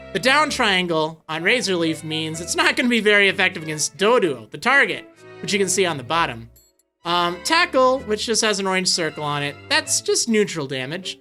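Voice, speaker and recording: A woman's voice: mid-range voice, pushed and bright. A woman hosting a game video, giving chatty, explanatory let's play commentary.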